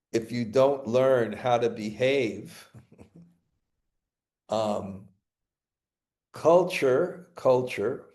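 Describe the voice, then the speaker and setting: A man's voice: medium pitch, a little mellow. A man with a Brooklyn accent giving a scripture class, stopping and restarting often. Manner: halting, repeats words and restarts often. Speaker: spiritual teacher.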